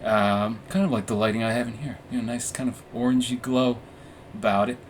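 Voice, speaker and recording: A man's voice: mid-range voice, fairly even intonation, a little fast, a little hiss or hum. A young man hosting a casual podcast, telling a long personal story in a rambling, profane, self-mocking way, full of restarts and fillers. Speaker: podcast host. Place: room with warm orange lighting.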